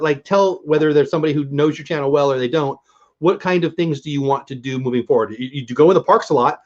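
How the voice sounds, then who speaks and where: A man's voice: fairly high pitch, a little mellow. A man from San Diego hosting a livestream interview, talking in a rambling, self-deprecating, chatty way. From San Diego, USA. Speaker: livestream host. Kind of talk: casual interview chat. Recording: slightly dull lo-fi audio.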